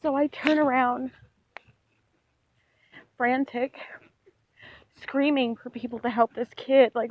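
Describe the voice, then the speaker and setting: A woman vlogger recounting a dream as she walks outside, telling it in a rambling, animated way with lots of "like". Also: high-pitched, takes it slowly, long pauses, no echo. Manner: rambling, animated storytelling full of "like". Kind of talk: walk-and-talk dream retelling. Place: outdoors on a street while walking. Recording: dull lo-fi recording.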